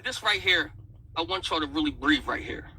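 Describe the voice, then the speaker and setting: High bright husky man. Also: animated, normal speed, rough recording. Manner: repeats "I said" while retelling an argument. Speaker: battle rap league owner. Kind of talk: heated storytelling in an interview.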